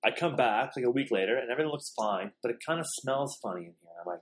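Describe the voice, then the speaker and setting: Fast-talking profane man telling stories. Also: medium pitch, a little hiss or hum. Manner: fast, profane, animated storytelling. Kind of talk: casual storytelling chat.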